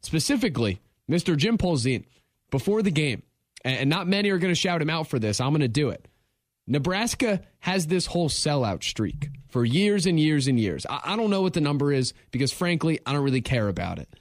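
A man's voice: fairly high pitch, sing-song, a little fast, dry recording, studio quality. Wry, rambling man on sports radio. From not from the show's town. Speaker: radio show co-host. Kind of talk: casual sports radio chat.

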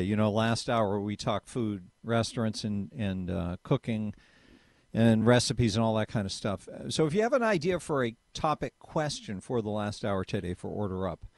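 A man's voice: fairly low pitch, creaky, darkish tone, no room sound. A man hosting talk radio, emphatic and opinionated, speaking into a studio mic. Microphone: studio microphone.

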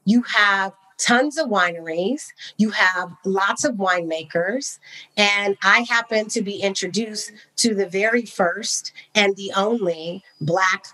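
A woman from Napa, California, chatting as an interview guest. She tells her story with animated enthusiasm, full of casual fillers, in a voice of medium pitch. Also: slow pace, poor audio. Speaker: podcast guest, wine entrepreneur.

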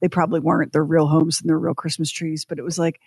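A woman's voice: sits low, level tone, fast, creaky, a little mellow, breathy edge, dry recording, clean studio sound. A woman co-hosting a radio talk show, telling stories in a chatty way and putting on voices now and then. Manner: chatty, storytelling, mimics voices. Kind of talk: casual chat.

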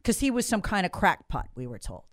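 A woman's voice: medium pitch, big pitch swings, a little fast, no room sound, studio quality. A woman, hosting and delivering an angry, emphatic monologue full of rhetorical questions. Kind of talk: impassioned monologue.

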